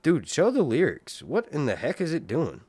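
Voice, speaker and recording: A man's voice: on the high side, wildly swooping pitch, moderate pace, darkish tone, breathy edge, dry recording. A man from North Carolina, chatting casually on a livestream and laughing often. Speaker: livestream TV show reviewer. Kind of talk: casual live chat.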